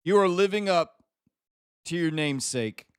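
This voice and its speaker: A man with a high, smooth, clear voice hosts a live stream. He teases a viewer and scolds him in mock exasperation. The sound is dry and close, with no room around it. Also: lively intonation, normal speed, no room sound. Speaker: livestream host. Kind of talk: live stream chat banter.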